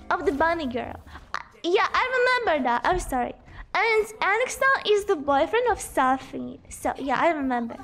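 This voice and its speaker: A woman with a very high, lively voice chats casually and slowly with her live-stream viewers, giggling often. She pokes fun at herself and sounds a little worn from talking. Faint music plays behind her. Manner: giggly, self-deprecating, laughs often. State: losing her voice.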